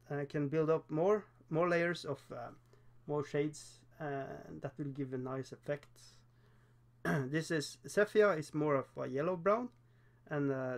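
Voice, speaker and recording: A Norwegian-accented man hosts a relaxed livestream while he paints miniatures, and English is not his first language. His voice sits a little high and carries a rough, gravelly edge. He chats loosely and pokes fun at himself, with frequent laughs and halting fillers. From Norway. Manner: chatty, self-deprecating, laughs often, halting with fillers.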